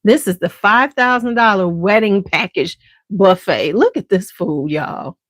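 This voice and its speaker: A sassy woman with a Chicago accent chats casually to her viewers, her pitch leaping up and down with big expression. She talks slowly and takes her time. The recording is dry and close, with no room sound. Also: no echo. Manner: animated, sassy, swings into high exaggerated quotes. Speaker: beauty channel host. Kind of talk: casual chat to camera.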